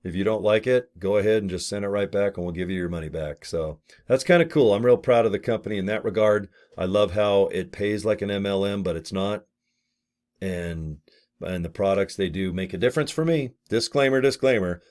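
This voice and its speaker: On the low side and darkish in tone, this man's voice moves fairly quickly as he makes a casual to-camera sales pitch. He's a network marketing affiliate in his late fifties promoting a business opportunity in a blunt, folksy way, with mild swearing and digressions.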